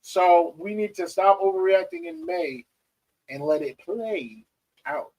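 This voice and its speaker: High-voiced animated sports co-host man. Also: measured pace, rough recording. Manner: animated, emphatic. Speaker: co-host, Mets fan. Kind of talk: casual sports talk.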